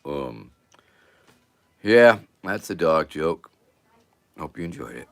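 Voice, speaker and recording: Rambling jokey male show host, lively pitch. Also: slow pace, gravelly. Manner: rambling, jokey, self-promoting. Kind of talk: casual livestream chat.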